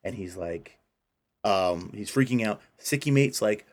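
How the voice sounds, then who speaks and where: Animated man retelling a film. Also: on the low side, unhurried. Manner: animated storyteller acting out characters' lines. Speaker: podcast co-host. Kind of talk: casual chat retelling a film.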